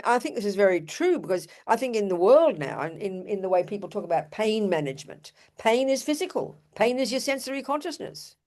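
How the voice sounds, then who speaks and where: A woman's voice: mid-range voice, a little mellow. An older woman giving an earnest, emphatic Buddhist dharma talk, with rhetorical asides to her audience. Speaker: Buddhist teacher.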